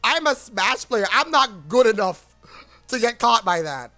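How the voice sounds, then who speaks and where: Streamer ranting live, blunt and rambling, mid pitch, faint game music behind. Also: sing-song, measured pace, sharp tone. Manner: rambling and blunt, with frequent swearing. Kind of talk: casual livestream rant.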